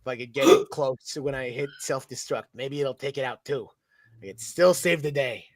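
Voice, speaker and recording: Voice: medium pitch, normal speed, dry recording, voice pushed down, natural voice. A comics podcast co-host doing a comic reading of a boastful male fan-powered villain in a put-on Chicago accent. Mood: heroic bluster.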